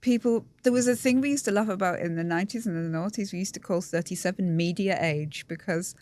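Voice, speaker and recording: A woman's voice: on the low side, fast talker, a little mellow. A middle-aged woman, a guest on a podcast talking candidly and with self-deprecating humour. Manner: chatty, self-deprecating, emotional.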